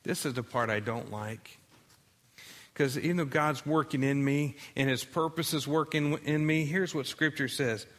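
A man's voice: fairly high pitch, moderate pace, fairly bright tone, long reverb tail. A male pastor giving a sermon in a conversational preaching style, with dramatic readings of scripture.

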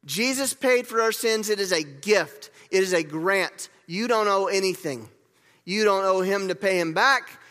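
A man delivers a sermon in a high, bright voice, repeating key words and getting his congregation to join in. The sound carries a long reverb from the church hall around him. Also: unhurried. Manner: lively, repeats key words, leads the congregation in gestures and call-and-response. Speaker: pastor.

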